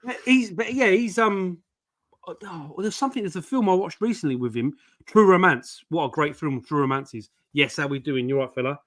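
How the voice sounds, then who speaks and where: A man's voice: a little high, a little fast, fairly bright tone, no echo, studio quality. A man chatting casually as co-host of a live stream, jokey and rambling with many restarts.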